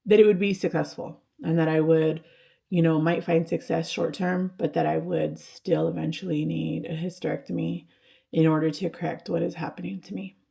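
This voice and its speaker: A woman in her thirties talks to camera in a halting, hesitant way, full of fillers and false starts. Her voice is gravelly and mellow. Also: low voice, fairly even intonation. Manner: halting, with many fillers and restarts. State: tearful, voice breaking at times. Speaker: vlogger. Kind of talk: personal vlog, talking to camera.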